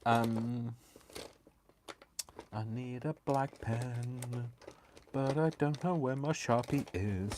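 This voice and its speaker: A man's voice: mid-range voice, takes it slowly, pauses often, a little mellow, slight background noise. A man chatting casually through a live craft stream, giddy and rambling, teasing himself as he works. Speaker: crafting vlogger.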